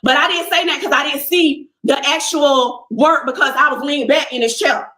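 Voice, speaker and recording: Young woman, casual storyteller vlogging to her followers, sharp bright voice, acts out the other people in the story. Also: high-pitched, brisk, echoey room, rough recording. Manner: animated, talks to viewers as y'all, acts out what people said. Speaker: person telling a personal story. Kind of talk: casual first-person storytelling.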